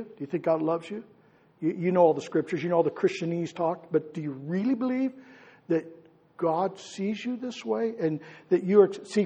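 A man who is a pastor, preaching a conversational sermon, asking his congregation questions and swinging between loud and hushed delivery. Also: high-pitched, husky, long reverb tail. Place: church hall.

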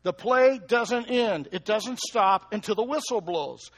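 High-voiced man preaching a lively sermon. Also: measured pace. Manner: lively, asks the congregation questions. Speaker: pastor.

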